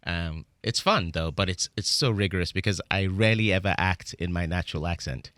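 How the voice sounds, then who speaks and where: A man's voice: deep voice, a little fast, a bit bright, no echo. A middle-aged man with a British accent, talking reflectively as a guest in a casual interview, often restarting his sentences. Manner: reflective, with frequent restarts and "you know". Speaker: guest actor.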